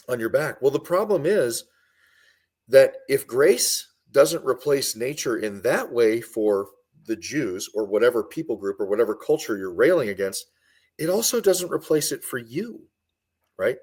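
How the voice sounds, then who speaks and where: A man with a husky, slightly rough voice argues a point on a podcast. His pitch swings widely as he drives home each claim. He often repeats short lines for emphasis. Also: darkish tone. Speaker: guest commentator. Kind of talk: impassioned podcast discussion.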